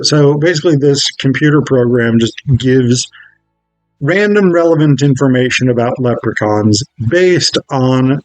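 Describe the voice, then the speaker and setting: A man's voice: medium pitch, a little mellow, dry recording, low-quality recording. A man recapping a film in a casual, rambling way, with many fillers and self-corrections. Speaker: film reviewer.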